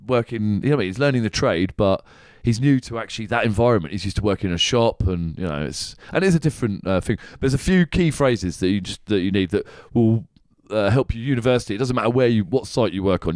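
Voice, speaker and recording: His voice is lowish and darkish, captured in a dry, clean studio recording. Hosting a podcast, he rambles through casual comedic chat, swearing and laughing frequently.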